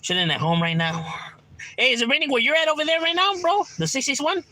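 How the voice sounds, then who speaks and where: A man's voice: very high voice, expressive, fast, sharp tone. A man, chatting casually and profanely on a livestream from home, peppering his talk with "right?". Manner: laid-back, slangy, profane, keeps asking "right?". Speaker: livestreamer reading chat.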